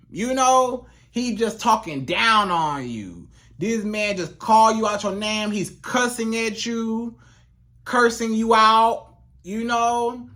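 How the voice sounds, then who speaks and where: Speaking directly to viewers, a relationship coach gives laid-back but forceful advice and says key points more than once for emphasis. The voice is medium in pitch and a bit bright.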